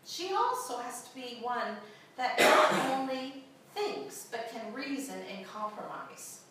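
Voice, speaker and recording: A woman's voice: fairly high pitch, expressive, slow, fairly bright tone, slight background noise. A woman reading the lines of God as a patient creator. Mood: explaining. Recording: echoey room from far off.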